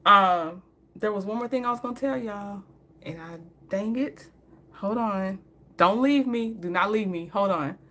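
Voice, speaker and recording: A woman's voice: medium pitch, measured pace, pushed and bright. A woman telling stories in a casual, chatty way, often laughing and talking straight to her viewers. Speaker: vlogger. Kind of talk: casual story time.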